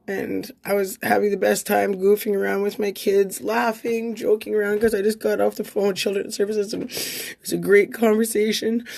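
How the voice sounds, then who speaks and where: A woman's voice: mid-range voice, gravelly, a little mellow. A woman in her thirties, crying as she makes an emotional, rambling plea in a vlog, swearing and repeating herself. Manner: raw, repetitive, swears, rallying plea.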